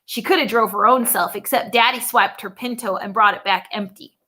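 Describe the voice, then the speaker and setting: A woman voicing an earnest young country boy in a storybook reading, with plain, quick talk. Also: mid-range voice, bright, forceful tone, lightly acted.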